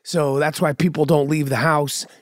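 A man's voice: a little high, flat delivery, moderate pace, no room sound, clean studio sound. A middle-aged man hosting a podcast, rambling through a casual, profane and sardonic monologue. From New York. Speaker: podcast host.

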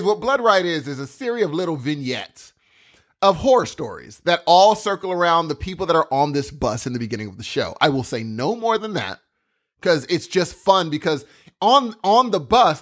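A man co-hosting a casual podcast who is excitable, laughs easily and acts out his own reactions. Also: on the high side. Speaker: podcast co-host. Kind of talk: casual chat.

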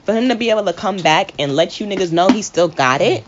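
A woman co-hosting a casual sports podcast, animated and slangy, laughing often. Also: medium pitch, fast talker. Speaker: podcast co-host. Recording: dull lo-fi audio with faint hiss.

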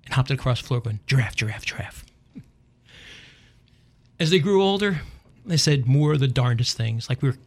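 A middle-aged radio host delivers a comic monologue, spinning dry, deadpan stories that land on wry punchlines. His voice sits at a medium pitch.

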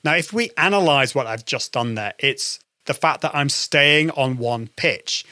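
A man hosting a podcast episode as a voice coach, talking listeners through warm-up exercises in an encouraging, demonstrative way. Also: measured pace, no room sound, studio quality. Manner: encouraging, demonstrative, shifts pitch for examples. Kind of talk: instructional podcast talk.

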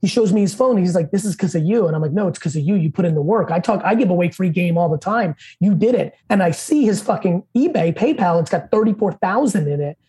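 A man as a podcast guest, telling stories in a fast, profane, high-energy way. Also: lively intonation, mellow, slightly rough. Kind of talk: casual interview storytelling.

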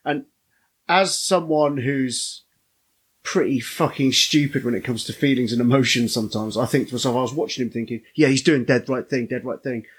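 A man's voice: medium pitch, moderate pace, breathy edge. A man talking candidly and self-deprecatingly about a film character on a podcast. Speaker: podcast co-host. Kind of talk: casual film review chat.

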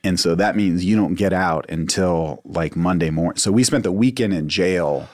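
A man's voice: sits low, normal speed, no room sound, clean studio sound. A man telling a long anecdote in casual chat as a guest, acting out the voices of the people in it. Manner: animated, acts out voices in his anecdotes. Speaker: podcast guest. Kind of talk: casual storytelling.

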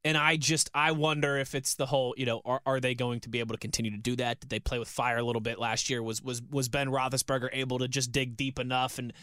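A man's voice: mid-range voice, flat delivery, quick pace, hardly any pauses, bright, forceful tone, smooth, no room sound, studio quality. A man co-hosting a sports radio show, talking through his thoughts in a rambling, repetitive way. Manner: rambling, repeats words while thinking. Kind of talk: casual sports talk.

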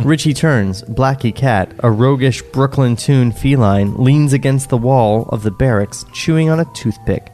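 A man's voice: medium pitch, a little slow, few pauses, dark tone, soft background music. A man co-hosting a podcast, reading a script's stage directions in a laid-back way, chuckling now and then. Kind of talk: table read narration and banter.

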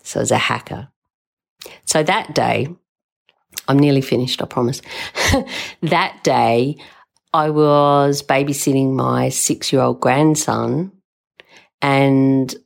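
An older woman hosting a podcast tells a story in a rambling, emotional monologue, swearing freely. Her voice is extremely low, steady and creaky, and she speaks slowly with long pauses.

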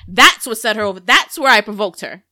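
A woman in her thirties hosts a podcast and tells a story in candid, casual chat, animated and cursing freely. She speaks a little fast at a medium pitch, with no echo.

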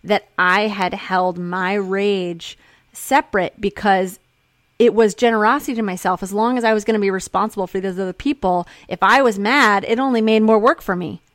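A woman's voice: steady tone, normal speed, dry recording. Woman, casual conversation, emotional and frank, swears freely; close dry sound. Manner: candid, emotional, swears freely, acts out her own quotes in a high voice.

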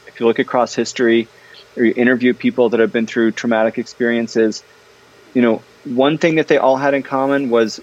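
Chatty man with a dull, lo-fi sound. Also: mid-range voice. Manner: animated, chatty, many fillers and restarts. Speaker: guest, parenting author. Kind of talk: casual interview conversation.

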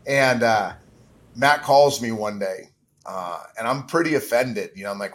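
A man's voice: fairly low pitch, normal speed, a bit bright. Middle-aged male guest, candid and emotional, holding back tears. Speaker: podcast guest. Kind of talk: interview.

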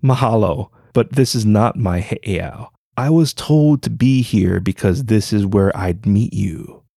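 A man's voice: fairly low pitch, measured pace, creaky, dark tone, slightly rough, no room sound, studio quality, heavily acted. A man doing a giggling old sage. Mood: knowing. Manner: playful, knowing.

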